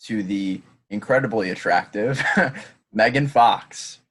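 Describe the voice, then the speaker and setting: A young man co-hosts a podcast in easygoing, casual chat. He keeps his replies short and laid-back. His voice sits a little low. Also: slow, a bit bright, a little hiss or hum. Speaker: podcast co-host.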